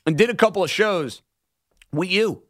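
A man with a thick New York accent hosting a sports radio show, energetic and emotional. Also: sits high, moderate pace, no room sound, studio quality. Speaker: radio host.

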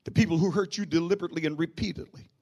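A man preaching a sermon to his church, rising into shouts and falling to a hush. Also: on the high side, steady tone, very fast. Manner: preaching with sudden shouts and hushed drops. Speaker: pastor.

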